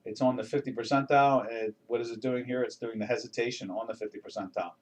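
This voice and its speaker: An older man hosts a live trading session, walking through his charts in a loose, folksy ramble full of restarts. His voice sits at a middling pitch and sounds a little distant from the microphone. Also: fairly even intonation, fast. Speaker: trading webinar host. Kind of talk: casual live market commentary.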